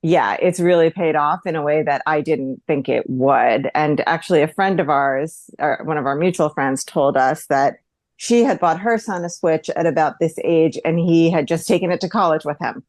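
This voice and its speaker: A woman co-hosting a podcast in casual chat, measured and conversational. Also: deep voice, a little mellow, dry recording, clean studio sound. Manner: conversational, laughs easily, measured. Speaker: podcast co-host.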